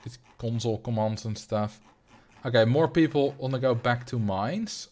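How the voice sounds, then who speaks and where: A man's voice: mid-range voice, normal speed, a little mellow. A young man from the Netherlands with a Dutch accent, chatting loosely on a livestream and answering his chat as he plays. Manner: rambling, reads chat aloud and answers. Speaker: streamer.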